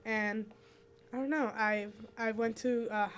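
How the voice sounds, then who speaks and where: A woman's voice: fairly high pitch, steady tone, a little slow, highs cut off. A young woman co-hosting a youth talk show, earnest and rambling with many fillers. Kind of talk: casual talk-show chat.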